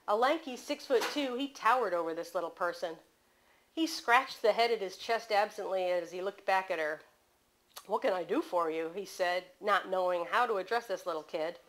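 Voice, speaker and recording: A woman author reading aloud from her mystery novel at a bookstore, in steady storytelling narration. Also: mid-range voice, normal speed, low-quality recording.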